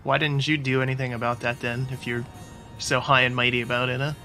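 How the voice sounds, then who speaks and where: A man's voice: mid-range voice, little pitch movement, brisk, sharp tone. A man doing casual let's-play commentary, making sarcastic, joking asides as he plays. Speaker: gaming YouTuber. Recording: game audio with music behind.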